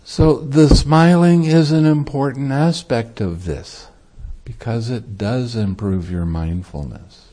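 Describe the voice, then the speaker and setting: Male monk, meditation teacher, dharma talk; slow delivery, mellow voice, easy laughter. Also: mid-range voice, fairly even intonation. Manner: light-hearted, laughs easily while teaching.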